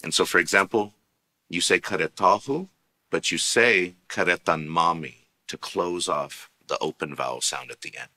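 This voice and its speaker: A man's voice: low-pitched, animated, moderate pace, bright, forceful tone. A man presenting a recorded language lesson, patiently explaining grammar and pronunciation with spoken examples. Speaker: language teacher.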